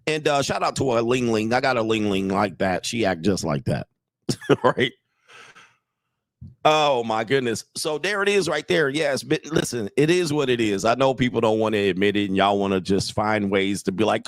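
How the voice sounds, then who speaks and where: A man in the middle of the male pitch range delivers brash, mocking reaction commentary as a self-styled dating coach. He talks directly to his audience with a blunt edge. The recording is dry, with no room sound. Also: lively intonation, moderate pace, dry recording.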